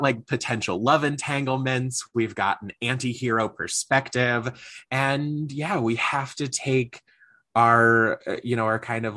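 A man's voice: medium pitch, sharp tone. A man co-hosting a book podcast, summarizing a novel with casual enthusiasm. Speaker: podcast co-host. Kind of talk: casual chat about books.

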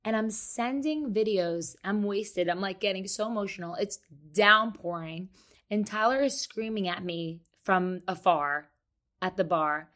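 A woman chatting on her podcast, swapping between gross-out anecdotes and frank talk with lively, unfiltered energy. She speaks in a mid-pitched voice, blunt and cheerfully profane, as if talking to friends. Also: a little slow. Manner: animated, blunt and profane, laughs at herself. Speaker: podcast host. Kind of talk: casual storytelling monologue. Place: hotel room.

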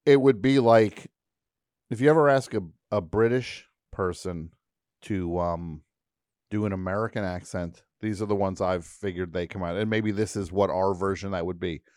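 Chatting casually at normal speed, a radio host with a lowish, darkish voice tells a lively story and keeps breaking into goofy impressions and mock accents. His studio microphone sits close, yielding a dry sound with no echo or room around it.

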